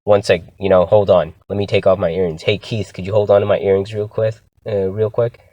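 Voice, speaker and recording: A man doing a cocky tough guy, deep and breezy. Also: level tone, a little fast, mellow, no echo, natural voice.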